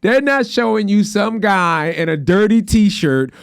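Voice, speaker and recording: A man hosting a podcast, telling stories in a casual, profane and animated way. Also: high-pitched, a little slow, creaky, clear, resonant tone, no room sound, studio quality. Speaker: podcast host. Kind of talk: casual chat.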